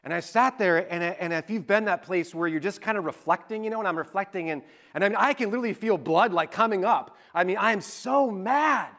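A male pastor preaching a sermon, telling a personal story earnestly, moving between hushed confession and fervent emphasis. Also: high voice, brisk, few pauses.

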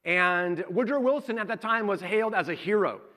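Bright, animated pastor preaching. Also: male voice, sits high, moderate pace. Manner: conversational storytelling with animated quoted asides. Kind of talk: sermon.

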